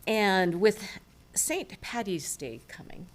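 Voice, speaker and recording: A woman's voice: medium pitch, expressive, slow. A woman on a city council giving chatty, informal remarks in a meeting. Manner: chatty, tells jokes with put-on voices. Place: council chamber.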